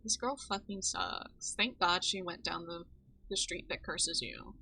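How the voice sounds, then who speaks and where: A woman's voice: lowish voice, normal speed, sharp tone, rough recording. Blunt woman streamer, faint hiss. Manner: blunt, swearing asides. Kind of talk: casual game commentary.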